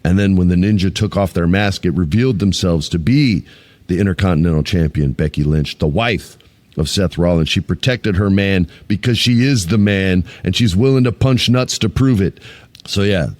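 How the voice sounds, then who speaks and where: A man's voice: low voice, moderate pace, darkish tone, no echo. A man hosting a wrestling podcast, recapping a show in a loose, jokey way, swearing freely and acting out what people said. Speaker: podcast host.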